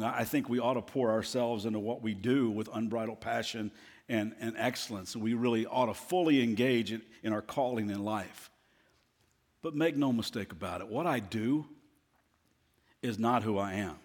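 A male pastor preaching a sermon in an animated, conversational storytelling manner. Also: mid-range voice, big-room sound.

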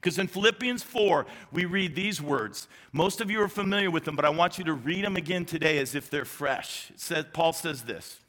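A male pastor delivers a sermon in a large church sanctuary, his voice bright and forceful and pitched a little high. He talks to the congregation in a conversational way, leaning on emphatic repetition, with a light touch of humor. A long reverb trails every phrase. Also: animated, normal speed, few pauses. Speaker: executive pastor.

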